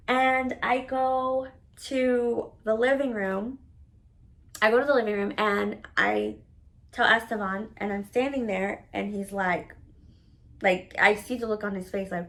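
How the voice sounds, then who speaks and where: Storytelling woman, blunt and salty, mid-pitched voice, casual to-camera tale. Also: slow, poor audio. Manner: candid, blunt and profane; animated, dramatic storyteller. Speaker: storytelling vlogger.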